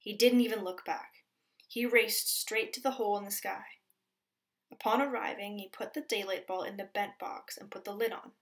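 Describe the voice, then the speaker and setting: Gentle woman reading a storybook aloud. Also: mid-range voice, normal speed. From Pacific Northwest coast. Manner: gentle, expressive, drops to soft whispers at times. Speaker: teacher and storyteller.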